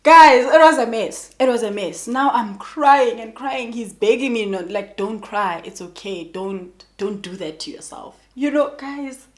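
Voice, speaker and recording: A woman's voice: a little high, a little slow, few pauses. A young South African woman with a South African accent, telling a personal story in a casual, chatty way and talking straight to her viewers. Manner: animated, chatty, addresses viewers as guys. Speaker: YouTuber.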